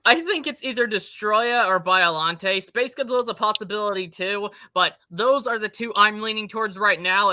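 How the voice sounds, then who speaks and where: A man's voice: sits high, sharp tone, no echo. A young man hosting a casual podcast chat, rambling enthusiastically and swearing casually. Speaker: podcast host.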